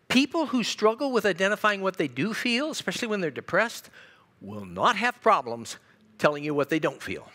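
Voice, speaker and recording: Animated man teaching a church class. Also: on the high side, a little fast. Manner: animated, asks the class questions, acts out quotes.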